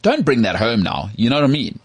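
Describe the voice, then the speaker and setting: A man from South Africa co-hosting a podcast in casual chat, animated and full of restarts. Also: mid-range voice, fast, husky, no echo. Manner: animated, full of restarts and "you know what I mean". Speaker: podcast co-host.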